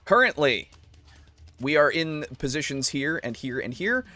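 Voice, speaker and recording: Slow, halting male game master. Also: fairly high pitch, big pitch swings, pushed and bright. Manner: slow, halting narration with many ums. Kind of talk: narrating a tabletop game.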